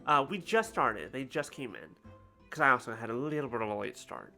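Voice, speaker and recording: A woman's voice: a bass voice, very animated, brisk, pushed and bright, faint music behind. A woman streamer chatting casually and profanely while playing a game, rambling and self-mocking. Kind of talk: casual livestream commentary.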